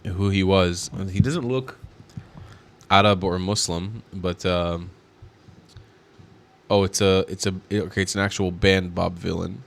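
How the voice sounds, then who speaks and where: A man's voice: low voice, steady tone, measured pace, gravelly, long pauses. A man giving indignant, mocking reaction commentary on video clips.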